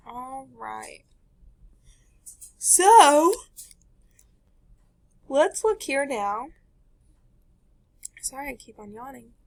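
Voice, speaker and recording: A woman teacher reading a children's nonfiction book aloud in a slow, gentle way, with asides to her class. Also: sits high.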